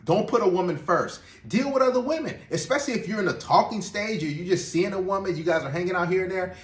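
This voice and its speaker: A man's voice: sits high, fast. A man giving assertive dating advice in a lecturing style, acting out quoted thoughts. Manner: assertive, emphatic, uses quoted inner voices. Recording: echoey room.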